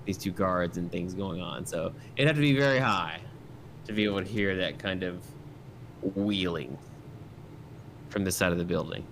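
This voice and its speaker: Deep-voiced man running a tabletop game. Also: normal speed, gravelly, long pauses, a bit bright, a little hiss or hum. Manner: casual, rambling with many fillers. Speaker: game master.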